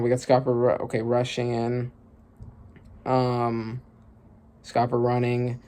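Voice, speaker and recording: A man reading through a manga chapter aloud and reacting, often bursting into loud exclamations and swearing. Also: medium pitch, monotone, slow pace.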